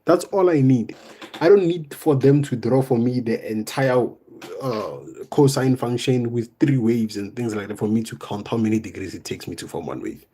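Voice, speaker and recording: Husky, dark-voiced male math teacher. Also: normal speed. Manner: casual, says "boom" and "right?" often; explains step by step, coaxing students. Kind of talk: live online exam revision lesson.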